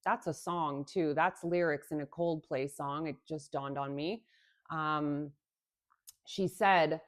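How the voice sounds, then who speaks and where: A woman in her thirties talking warmly and earnestly into the camera from indoors, with soft hesitations. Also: sits low, fairly even intonation, takes it slowly. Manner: earnest and tender, with many soft fillers. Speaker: spiritual healing vlogger. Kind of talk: heartfelt direct-to-camera talk. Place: indoors, filming under a ring light.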